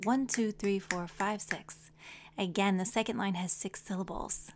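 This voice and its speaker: A woman narrating a children's story and teaching syllables in a gentle, teacherly way. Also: medium pitch, fairly even intonation, unhurried.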